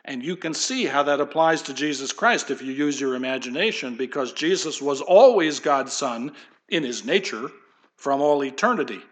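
A man's voice: medium pitch, expressive, normal speed. Conversational man preaching a sermon. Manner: conversational, digressive preaching with asides. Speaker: pastor.

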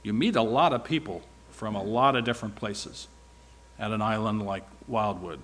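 A man's voice: lowish voice, moderate pace, a bit bright. A man speaking at church, giving a rambling, informal sermon-style report with wry asides.

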